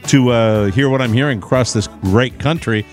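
A man's voice: medium pitch, normal speed, soft background music. A man hosting a radio talk show, bantering casually with his co-hosts and reading announcements with chatty asides. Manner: lively, with chatty asides and fillers.

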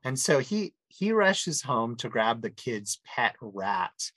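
A man's voice: medium pitch, slow, dry recording, rough recording. Enthusiastic man in a dry recording. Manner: enthusiastic, animated retelling. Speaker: podcast host. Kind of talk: casual chat.

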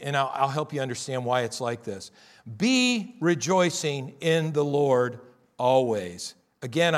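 Emphatic high-voiced preaching pastor. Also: male voice. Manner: emphatic, repetitive preaching with drawn-out stressed words; drops to quiet, weary tones mocking tired believers. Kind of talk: sermon.

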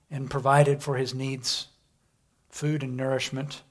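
A man's voice: medium pitch, flat delivery, unhurried. A man preaching a sermon in an emphatic style, often asking his listeners questions.

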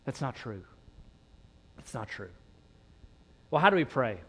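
Emphatic pastor preaching a sermon. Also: male voice, mid-range voice, very animated, unhurried. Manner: emphatic, repetitive preaching with rising shouts.

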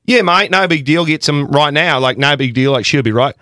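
A man's voice: fairly high pitch, a little fast, pushed and bright, dry recording, clean studio sound, pitched above the performer's own voice. A man playing a carefree male Australian tour manager with an Australian accent. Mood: easygoing. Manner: breezy, carefree.

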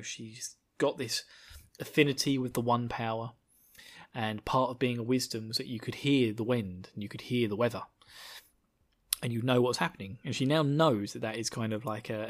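A man casually recapping a book chapter, rambling and laughing often, slipping into silly voices for the characters. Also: mid-range voice. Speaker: book discussion podcaster.

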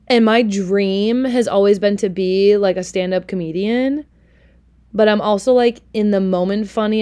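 A woman's voice: mid-range voice, darkish tone, clean tone. A young adult woman hosting her own podcast, talking casually and candidly, self-deprecating and swearing now and then. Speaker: podcast host. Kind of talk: casual solo podcast monologue.

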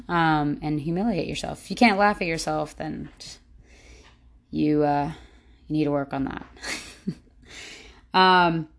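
Rambling, chatty woman podcaster. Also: deep voice. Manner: rambling, many fillers and restarts, chatty and upbeat. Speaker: podcast host. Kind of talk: casual solo podcast chat.

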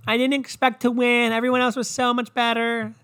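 A man's voice: very high-pitched, little pitch movement, a little fast, fairly bright tone, voice pushed up. A man putting on the voice of a gushing, falsely modest award winner, in breathless mock disbelief.

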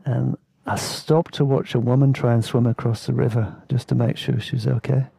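Dry recording of a man with a medium-pitched, creaky, dark voice carrying a breathy edge, speaking at a moderate pace with little pitch movement. As a podcast host and storyteller, he rambles casually through travel memories, chuckling now and then.

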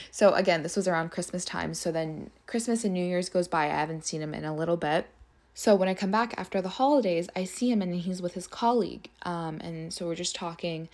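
A woman's voice: fairly low pitch, darkish tone. A young woman hosting a podcast, telling a personal story in a chatty, casual way, swearing often and filling her talk with "like". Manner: chatty and profane, heavy use of "like". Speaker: podcast host.

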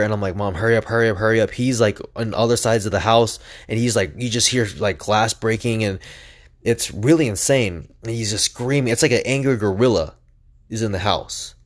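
A man's voice: on the low side, normal speed. A young man telling a personal story on his own podcast, rambling and earnest, filling his talk with "like". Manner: rambling, heavy use of "like", earnest.

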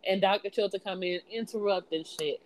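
A woman co-hosting a movie podcast in relaxed chat. She chimes in with quick reactions and laughs often. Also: mid-range voice, over a noisy crowd, poor audio. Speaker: podcast co-host reviewing a film. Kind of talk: casual chat.

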